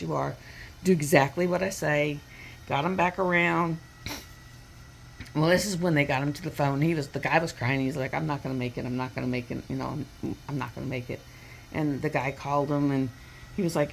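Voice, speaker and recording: A woman's voice: low-pitched, creaky, fairly bright tone, slight background noise. A woman, a crafting vlogger chatting casually and retelling a story with quoted voices at her home workstation.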